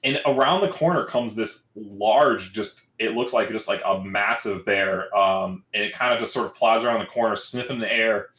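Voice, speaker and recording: A man's voice: lowish voice, moderate pace, few pauses, fairly bright tone, echoey room, low-quality recording. A man narrating as dungeon master for a tabletop game, loose and rambling, with many fillers.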